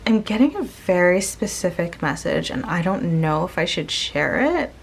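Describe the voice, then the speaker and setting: A woman giving a casual spoken tarot reading to her viewers, gentle and searching, pausing often and restarting her sentences. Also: fairly low pitch, very animated, gravelly, slight background noise. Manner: slow, gentle, searching, with many pauses and restarts. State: tearful, emotional. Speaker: tarot reader.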